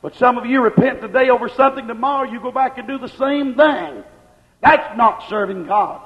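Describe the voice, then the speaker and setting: A man preaching a sermon, slowing down and shouting at the high points. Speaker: pastor. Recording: reverberant church, dull lo-fi sound.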